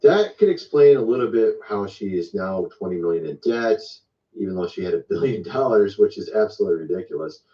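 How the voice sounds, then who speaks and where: A man's voice: lowish voice, a little fast. A man from Michigan hosting a casual online commentary, rambling in a conspiratorial tone. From Michigan, USA. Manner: conspiratorial, rambling, lively delivery. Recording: distant, muffled lo-fi sound.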